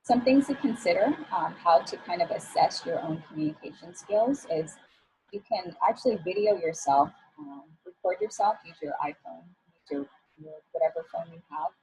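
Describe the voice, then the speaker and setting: A woman's voice: lowish voice, normal speed, a little mellow, a little hiss or hum, poor audio. A woman working as an image coach, giving a talk on professional communication in a casual, encouraging way with frequent fillers.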